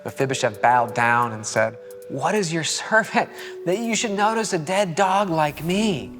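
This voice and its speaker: A man preaching a sermon in a conversational, animated storytelling way with playful asides. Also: on the high side, normal speed, soft background music. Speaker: pastor.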